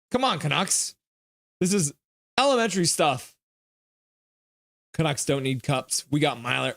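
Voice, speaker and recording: A man's voice: medium pitch, a bit bright, dry recording. A man streaming a live hockey game reaction, reading chat messages aloud and teasing viewers in a playful, jokey way.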